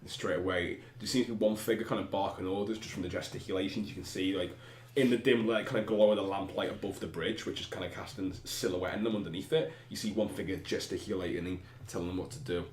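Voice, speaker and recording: Brisk game master, a man, rambling casual delivery in a roomy space. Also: sits low, fairly even intonation. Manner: loose, chatty narration full of fillers. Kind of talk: narrating a tabletop game. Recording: echoey room with some noise.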